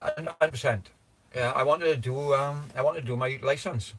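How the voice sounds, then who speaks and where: A man's voice: medium pitch, moderate pace. Man laughing and rambling on a livestream. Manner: laughing, swearing, rambling with many restarts. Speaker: livestream host. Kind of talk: casual livestream chat.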